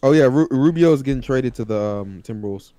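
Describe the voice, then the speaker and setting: A young man in casual chat, reacting to draft news with drawn-out, incredulous exclamations. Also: mid-range voice, animated, dark tone, clean tone, no room sound.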